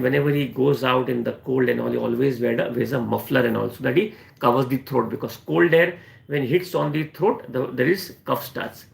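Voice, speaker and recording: An Indian man gives a live online lesson on remedies. His slightly high voice carries a gravelly edge, and he often stops on "you know" and says his points twice. The sound is echoey, like a bare room. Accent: Indian English. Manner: repeats key phrases, frequent "you know" fillers. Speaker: homeopathy doctor. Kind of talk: live-stream teaching Q&A.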